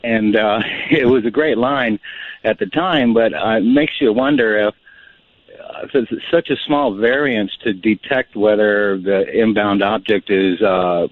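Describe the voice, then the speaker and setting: A man's voice: on the low side, a little slow, no room sound. A man calling in to a radio show, rambling and hesitant with many fillers. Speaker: caller. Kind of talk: phone-in call. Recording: dry phone-line audio.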